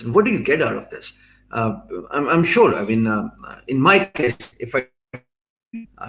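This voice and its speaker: A man hosts a live-streamed interview, his voice gravelly with frequent vocal fry. He speaks in a measured way, pausing on "uh" as he sums up what his guest has said. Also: medium pitch, fairly bright tone, rough recording. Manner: measured, many "uh" fillers, summarizes guest. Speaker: show host.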